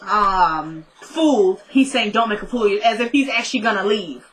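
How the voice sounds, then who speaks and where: A young woman recapping a TV episode in a casual vlog, chatty and excitable, rambling with lots of "like"s. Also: mid-range voice, normal speed. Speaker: TV show reviewer.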